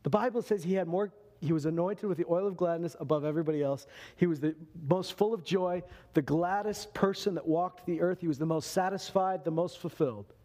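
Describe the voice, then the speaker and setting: A man preaching a sermon in an animated way, acting out quotes as he goes. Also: fairly high pitch, a little fast, few pauses. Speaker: pastor.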